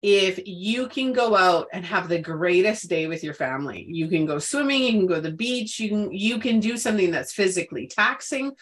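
A woman's voice: mid-range voice, expressive, moderate pace, hardly any pauses. A woman co-hosting a casual wellness chat, who talks emphatically and repeats words for stress. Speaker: podcast co-host.

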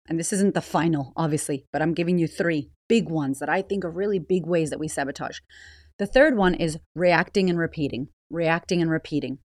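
A woman's voice: deep voice, no echo, clean studio sound. A woman hosting a motivational podcast, blunt, swearing freely and firing rhetorical questions at the listener. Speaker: podcast host.

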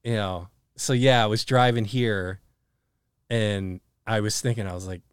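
A man's voice: lowish voice, a little slow, smooth, dry recording. A man hosting a podcast in casual chat, rambling enthusiastically with frequent fillers and the odd swear word. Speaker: podcast host.

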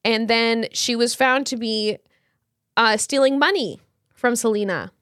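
A woman's voice: fairly high pitch, unhurried, a bit bright, dry recording, clean studio sound. A woman co-hosting a podcast, telling a story in casual chat with slang and lots of fillers. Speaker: podcast co-host.

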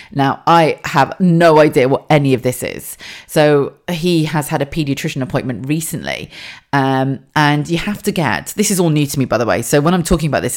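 A woman in her thirties talks through her week on her own podcast. Her voice sits low and deep. She chats in a lively, animated way, laughing often and restarting sentences as she goes. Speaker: podcast host. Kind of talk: casual monologue podcast.

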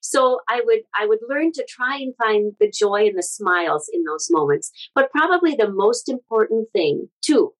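Guest author, woman, middle-aged, Midwest, warm-hearted storyteller with a slightly high voice. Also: normal speed, hardly any pauses, rough recording. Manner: earnest, animated storyteller with frequent restarts. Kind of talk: conversational interview storytelling.

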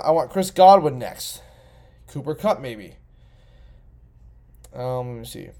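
A man's voice: medium pitch, moderate pace, long pauses. A young man hosting a podcast, talking casually and rambling with lots of swearing while getting tipsy. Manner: profane, rambling, excitable. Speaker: podcast host. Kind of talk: casual solo commentary.

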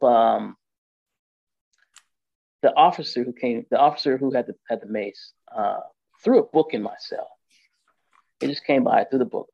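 A man's voice: medium pitch, creaky, dry recording, highs cut off. Candid man telling a raw story. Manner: emotional, candid, animated retelling with quoted dialogue. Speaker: guest telling his story. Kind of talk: casual storytelling on a podcast.

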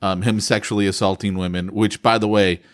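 A man's voice: fairly low pitch, steady tone, brisk. A man co-hosting a podcast in casual chat, blunt and joking. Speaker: podcast co-host.

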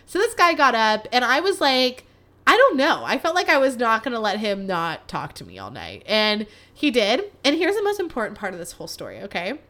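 A young woman hosts her own podcast and tells a rambling story with lively, self-mocking energy and frequent swearing. Her voice sits a little high and sounds bright and forceful. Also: fairly quick. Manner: animated, profane, self-mocking. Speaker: podcast host. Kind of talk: casual storytelling monologue.

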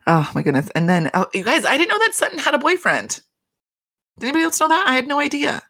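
A woman's voice: high voice, fast, no echo. Dry, close-miked woman chatting casually. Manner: rambling, expressive, swears and laughs often. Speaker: reality TV recap podcaster. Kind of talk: casual solo recap chat.

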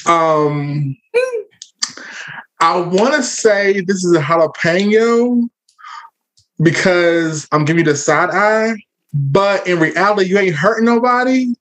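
A man's voice: high-pitched, slow, long pauses, a bit bright. A man on a casual discussion panel, rambling and repeating words, playfully judging. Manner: rambling, repeats words while searching for them. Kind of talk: casual group chat.

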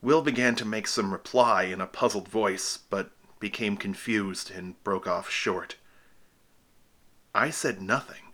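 Male audiobook horror narrator, deliberate and unhurried, lowish pitch. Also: sharp tone. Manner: slow, measured storytelling.

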